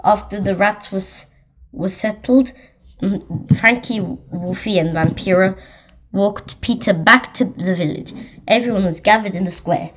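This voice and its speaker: A woman reading a children's storybook aloud in a lively way, with some stumbles and restarts. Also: medium pitch, a little slow, a little hiss or hum. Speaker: story reader. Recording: slightly dull lo-fi recording.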